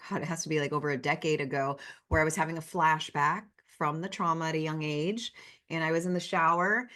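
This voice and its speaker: A woman's voice: low-pitched, steady tone, a little fast, fairly bright tone. A woman speaking as a guest in a casual interview, telling personal stories in an earnest, heartfelt way.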